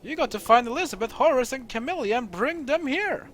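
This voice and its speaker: A man's voice: very high-pitched, animated, a little fast, fairly bright tone, slight background noise, pitched above the performer's own voice. A man doing a frantic old scientist. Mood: worried. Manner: frantic, calculating aloud.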